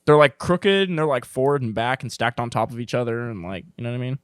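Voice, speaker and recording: A man's voice: medium pitch, quick pace, smooth, no room sound, clean studio sound. A young man co-hosting a podcast, talking casually in a rambling way with many fillers, swearing and laughing. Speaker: podcast co-host. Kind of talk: casual chat. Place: indoor room, on a couch.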